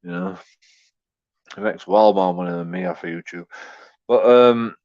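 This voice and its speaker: A YouTube commentator from England delivers a casual, profane rant that rambles along with stumbling repeats, restarts and chuckles. His voice sits low and a little mellow at a moderate pace, and the audio sounds dull.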